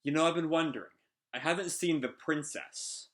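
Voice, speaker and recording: A man voicing a calm, blunt male ex-gang member from a manga, speaking in a matter-of-fact way. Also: a little high, moderate pace, voice pushed up, natural voice.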